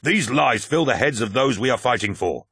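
A man's voice: mid-range voice, expressive, normal speed, fairly bright tone, slightly rough, no echo, studio quality, voice pushed up. A man reading an audiobook, voicing a zealous male warrior who rails against betrayal in an impassioned, declaiming way. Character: zealous male warrior-orator, fervent and indignant. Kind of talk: audiobook character voice.

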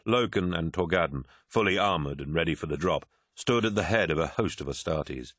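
Deep voiced guy reading an audiobook, grave and steady, bone dry. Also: brisk, few pauses, no echo. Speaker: narrator. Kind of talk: audiobook narration.

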